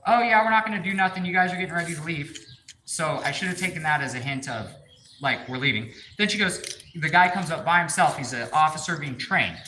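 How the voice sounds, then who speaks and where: Speaking fairly quickly in a fairly high voice, a man tells a wandering, profane story in casual talk, animatedly performing other people's lines. He's a shop vlogger in a car workshop, and the recording is echoey with faint noise.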